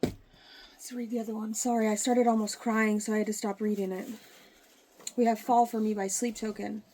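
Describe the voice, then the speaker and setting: A woman's voice: a little high, flat delivery, moderate pace, warm tone, slight background noise. A woman giving a casual tarot reading to camera, explaining in a rambling, hesitant way with many restarts. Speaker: tarot reader.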